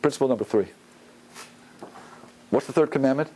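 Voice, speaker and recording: A rabbi giving an informal, conversational Torah lecture to a class, using many fillers and acting out quoted lines. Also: male voice, mid-range voice, normal speed, dark tone, a little hiss or hum, low-quality recording. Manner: conversational, loose with fillers, acts out quotes with a rising voice.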